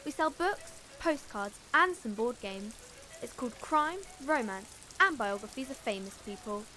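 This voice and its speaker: A woman's voice: a little high, expressive, a little slow, sharp tone, voice pushed up. A woman voicing a cheerful, polite little girl who helps at her mother's shop, reading her game lines aloud in an eager, chirpy way. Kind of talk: game dialogue read aloud.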